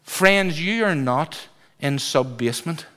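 A man preaching a sermon to a congregation, asking them questions and stretching words for emphasis. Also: fairly high pitch. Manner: lively, drawn-out emphasis, asks congregation questions.

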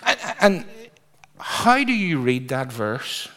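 A man preaching a sermon to a congregation, asking them questions and stretching words for emphasis. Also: on the high side. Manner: lively, drawn-out emphasis, asks congregation questions.

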